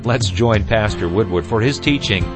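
A man's voice: on the low side, moderate pace. A man as program host reading a scripted introduction in a friendly, announcer-like manner. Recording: music bed behind the voice.

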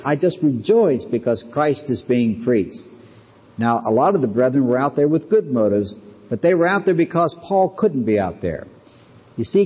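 A man's voice: mid-range voice, darkish tone, slightly rough, in a large hall, poor audio. A man preaching a sermon, earnest and emphatic, teaching through scripture and personal anecdotes.

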